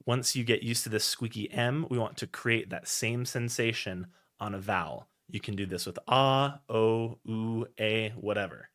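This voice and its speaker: A male voice teacher explaining warm-up exercises clearly and step by step, between sung demonstrations. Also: fairly low pitch, moderate pace, few pauses. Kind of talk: singing lesson instruction.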